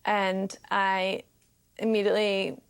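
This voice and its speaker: A woman quietly and earnestly recalling events in a documentary interview. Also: medium pitch, monotone, slow pace, gravelly, clear, resonant tone.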